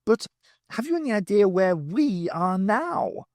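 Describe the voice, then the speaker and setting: A man's voice: high-pitched, big pitch swings, unhurried, darkish tone, dry recording, clean studio sound, pitched above the performer's own voice, exaggerated voice. A man voicing a plucky, wry young woman. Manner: quizzical, teasing questions in a raised voice. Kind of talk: audiobook character voice.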